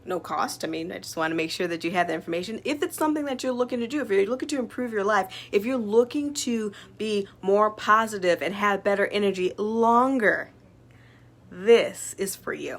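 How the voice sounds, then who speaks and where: Animated and brisk, a medium-pitched woman who runs a small business talks to her followers on camera about self-development, casual and upbeat, her speech dotted with fillers.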